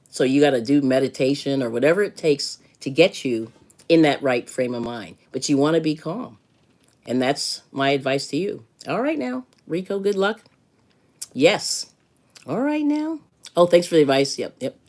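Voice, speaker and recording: A woman's voice: deep voice, darkish tone. A middle-aged woman hosting a live stream, casually chatting with viewers and giving advice, laughing often. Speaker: livestream host.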